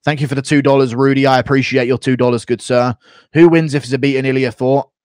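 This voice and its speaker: A man's voice: medium pitch, steady tone, fast talker, a little mellow, dry recording, studio quality. A man streaming, reading donations and chatting with sarcastic, casually profane remarks. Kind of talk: casual livestream chat.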